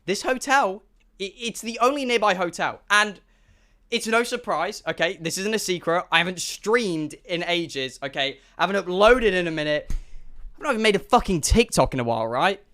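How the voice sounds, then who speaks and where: A young man, a streamer telling an animated, sweary storytime to his chat and acting out the dialogue. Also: sits high, moderate pace. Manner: excitable, swearing, acts out dialogue.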